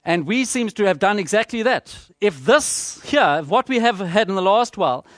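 A man preaching a sermon, measured and emphatic, repeating phrases for rhetorical effect. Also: sits high, lively intonation, fairly bright tone, no echo, clean studio sound.

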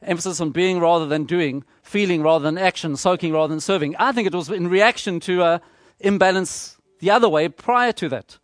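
A man preaching a sermon, measured and emphatic, repeating phrases for rhetorical effect. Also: high-pitched, no room sound, studio quality.

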